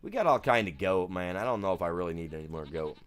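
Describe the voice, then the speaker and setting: A man's voice: low voice, lively intonation, fast talker. A man from the United States chatting casually on a game live stream, rambling through stories in a self-deprecating way.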